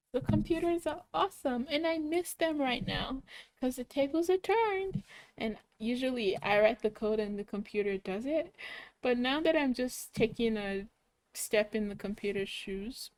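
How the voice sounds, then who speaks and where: A young woman slowly talking kids through a coding puzzle, muttering each step and cheering when it works. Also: on the high side, no echo, rough recording. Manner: cheerful, muttering steps aloud, excited yays. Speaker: coding club instructor. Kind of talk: slow think-aloud coding walkthrough for kids.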